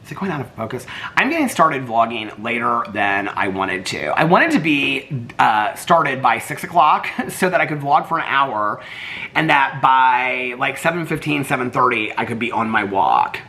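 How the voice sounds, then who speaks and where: An older man vlogs in casual, chatty fashion, rambling, laughing and often breaking into song, a little congested from allergies. His medium-pitched voice has lively intonation and a sharp tone at a normal speed.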